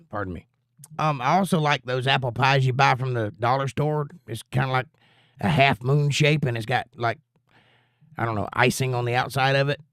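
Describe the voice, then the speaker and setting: Folksy rambling stream host, dry sound. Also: male voice, medium pitch, normal speed, fairly bright tone, no echo. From United States. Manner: rambling, folksy, reads chat aloud. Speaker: livestream host. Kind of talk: casual chat reading viewer comments.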